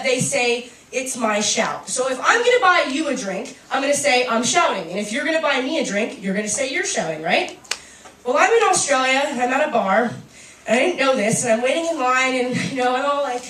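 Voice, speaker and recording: A young woman performing stand-up comedy on a club stage, brash, profane and animated. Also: high-pitched. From United States. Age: young adult. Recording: roomy club, distant mic, faint noise.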